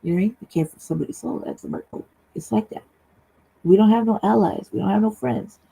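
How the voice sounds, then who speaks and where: A woman with a gravelly, husky voice joins a livestream talk show over a remote streaming call. She talks in a casual, heated way, blunt and full of profanity, and keeps tagging her points with "right?". Her tone sits low and mellow. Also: fast, rough recording.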